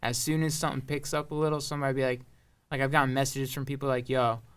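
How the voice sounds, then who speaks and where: A young man from Long Island with a high-pitched voice, chatting casually and swearing freely, with a loose, laughing manner. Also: little pitch movement, racing, a bit bright, smooth. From Long Island, New York. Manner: loose, profane, laughing a lot. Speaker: rapper. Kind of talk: casual chat.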